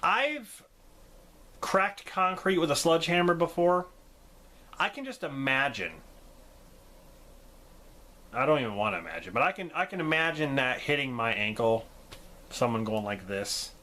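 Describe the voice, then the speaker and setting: A man reviewing horror movies in a casual vlog, enthusiastic and quick to laugh. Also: medium pitch, animated, pushed and bright. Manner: enthusiastic, laughs often, acts out quotes.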